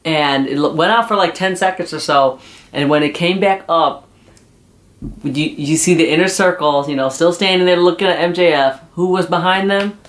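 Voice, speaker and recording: A man's voice: fairly high pitch, moderate pace, fairly bright tone. Man rambling through a wrestling recap. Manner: rambling, full of fillers like uh and you know. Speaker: wrestling show reviewer. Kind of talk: casual episode recap.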